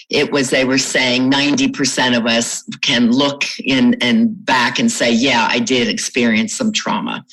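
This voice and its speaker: A woman's voice: rumbling low, a bit bright, poor audio. A middle-aged woman from Florida, a trauma recovery coach, answering interview questions in an explanatory way, telling client stories with light laughs.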